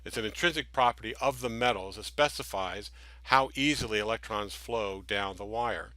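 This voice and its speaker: Male instructor, bright tone, dry close sound, patient explainer with analogies. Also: lowish voice, normal speed, dry recording. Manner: explains patiently with everyday analogies, frequent restarts. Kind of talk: classroom lecture with slides.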